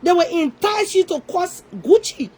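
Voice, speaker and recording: Woman, high voice; confrontational online rant, scolding and repetitive. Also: animated, unhurried, a little mellow, rough recording. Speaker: online commentator. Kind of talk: ranting social media commentary.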